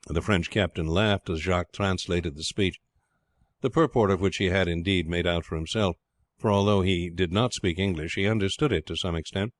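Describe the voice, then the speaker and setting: A man narrating an adventure novel with a steady, measured reading. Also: deep voice, no room sound. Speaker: audiobook narrator. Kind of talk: scripted narration.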